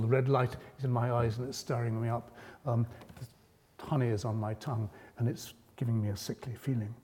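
A man delivers a public lecture in a measured, explanatory manner, pushing up his voice when he stresses a point. His voice is warm and mellow. The sound carries the long reverb of a lecture hall. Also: medium pitch, fairly even intonation. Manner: measured, explanatory, rising emphasis on key points.

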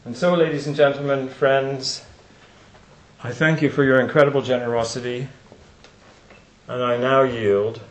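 An older man giving reflective closing remarks at a conference, and slowing down to stress lines of poetry. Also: mid-range voice, fairly even intonation. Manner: reflective, recites poetry with slow emphasis. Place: lecture room. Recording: roomy hall echo.

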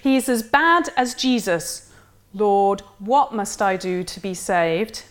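A man's voice: high voice, takes it slowly, a bit bright. A woman voicing a tipsy, malicious young man who squeals and giggles mockingly as she reads a novel aloud.

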